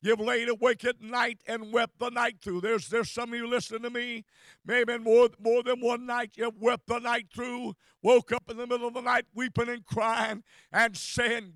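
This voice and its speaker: A man preaching a fervent sermon, repeating phrases and rising to shouts. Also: extremely high pitch, level tone, normal speed, no room sound.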